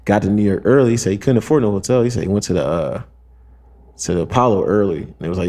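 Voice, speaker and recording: A man's voice: on the low side, quick pace, warm tone. A young man on a podcast, telling a long story in casual slang, acting out quotes and using lots of fillers. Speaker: podcast co-host.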